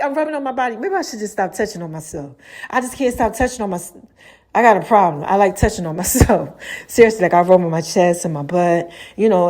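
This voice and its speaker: Slangy, lively woman podcaster. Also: mid-range voice. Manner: chatty, slangy, swings between loud laughs and murmurs. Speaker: podcast host. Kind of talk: casual rambling monologue. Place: room with lights and a mirror.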